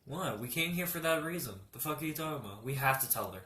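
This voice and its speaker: A man's voice: mid-range voice, expressive, fast talker, background noise, voice pushed down, close to an everyday voice. A man voicing his blunt, bossy middle-aged mother, who swears while laying down the law. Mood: annoyed. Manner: blunt, matter-of-fact, swearing. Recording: roomy echo.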